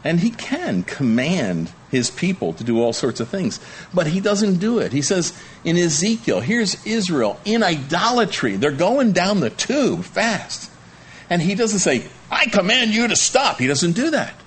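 A man preaching a sermon in a church room, his voice rising and falling widely as he pleads and stresses his points. His pitch sits in the middle for a man, and a faint hum of room ambience runs underneath. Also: unhurried. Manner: animated, pleading emphasis with wide pitch swings. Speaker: pastor.

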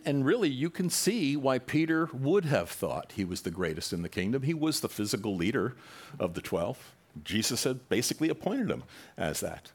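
A man preaching a sermon to his congregation in a conversational way, now and then acting out quoted voices with rising animation. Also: mid-range voice. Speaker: pastor.

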